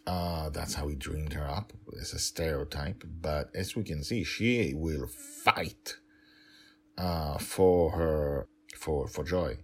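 A man's voice: extremely low pitch, takes it slowly, a little mellow, a little hiss or hum. A man, an author, reading his own serial story aloud and chatting about it with some hesitation. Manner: hesitant with fillers in commentary. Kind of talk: storytelling with casual commentary.

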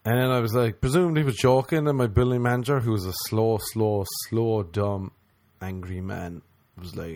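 Comic man, crude mocking rant, slightly low voice. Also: fairly even intonation, normal speed, a little mellow, no room sound. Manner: profane, mocking, exaggerated voices. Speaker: comedian. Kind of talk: stand-up rant.

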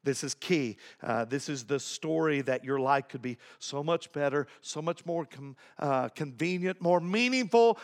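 A male pastor preaching a sermon, emphatic, repeating key phrases and swinging between low asides and raised points. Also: a little slow, few pauses.

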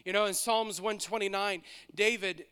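A male pastor preaching a sermon in a church, with an impassioned, repetitive cadence and slowed, emphatic lines. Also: high-pitched, steady tone, pushed and bright, smooth. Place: church sanctuary. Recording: long hall reverb.

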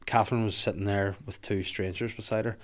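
Sweary storytelling podcast host. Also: male voice, lowish voice, fairly quick. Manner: sweary, animated storytelling with acted-out quotes. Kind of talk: casual chat.

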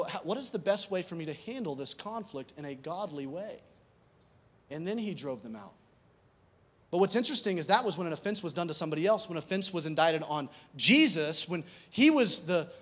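High-voiced man preaching conversationally. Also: a bit bright. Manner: conversational preaching, rhetorical questions, repeated emphasis. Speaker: pastor. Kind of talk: sermon.

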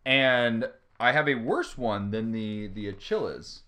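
A podcast co-host with a lowish voice and measured pace tells stories in casual chat. He is an animated storyteller who acts out what people said.

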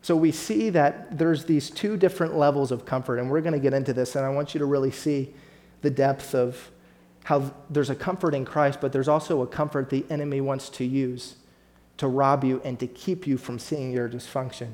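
Male pastor, mid-pitched voice, sermon delivery, builds emphasis, speaks straight to the congregation. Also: fairly even intonation, normal speed, darkish tone. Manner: preaching with rising emphasis, addresses congregation directly.

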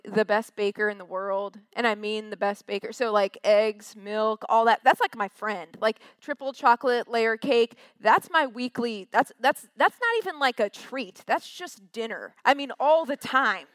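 A woman's voice: on the high side, a little slow, a bit bright, no room sound. A young woman from Westchester, chatty and self-deprecating with many fillers, telling a personal story on stage.

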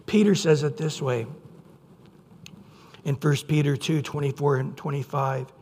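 High gravelly preacher in a reverberant hall. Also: male voice, steady tone, normal speed. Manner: earnest preaching, bursts into loud acted quotes. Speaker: pastor. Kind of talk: sermon.

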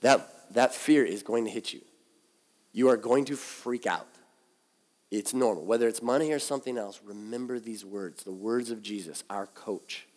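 A man's voice: fairly low pitch, normal speed, a little mellow. A man preaching a sermon as pastor, talking conversationally and with animation. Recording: long hall reverb.

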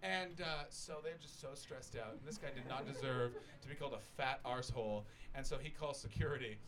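A man's voice: medium pitch, fairly quick, noisy background. A Canadian man doing stand-up comedy in a small festival venue, telling a long rambling, self-deprecating story full of swearing and acted-out voices. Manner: rambling, self-deprecating, swears freely, acts out voices of the people in his stories. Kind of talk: stand-up storytelling to a live audience.

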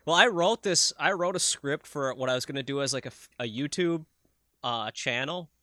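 A man co-hosting a podcast in a bright, slightly high voice, spinning animated stories peppered with swearing and "like". The recording is dry and close, with no room sound. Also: moderate pace, no room sound. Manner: animated storyteller, swears freely, lots of "like". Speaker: podcast co-host. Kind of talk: casual chat.

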